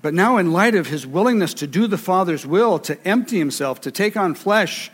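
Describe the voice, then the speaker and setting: A man's voice: sits high, lively intonation, moderate pace, husky. A man preaching a sermon with emphasis, repeating key phrases for weight. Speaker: pastor. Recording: reverberant hall.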